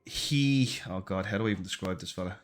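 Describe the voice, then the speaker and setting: A man's voice: sits low, a little fast, soft background music. A man narrating as game master, describing a character with many fillers and hesitations.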